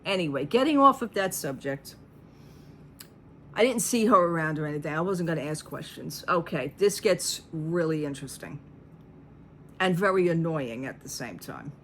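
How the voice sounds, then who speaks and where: Middle-aged woman, low voice, casual storytime vlog, sarcastic asides, faint background hiss. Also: moderate pace. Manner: chatty, animated retelling, acting out the people in her story. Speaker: vlogger.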